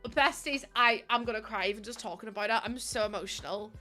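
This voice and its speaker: A woman's voice: a little high, quick pace, bright, forceful tone, faint music behind. A young woman chatting casually to her live chat as a streamer, laughing often and filling with "like". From United Kingdom.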